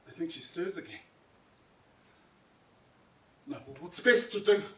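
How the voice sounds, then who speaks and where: An actor playing a jealous, tormented husband in amateur stage acting, brooding murmurs breaking into shouts. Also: male voice, sits high, very animated, unhurried, a little hiss or hum, heavily acted. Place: outdoor stage, roomy. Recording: roomy echo from far off.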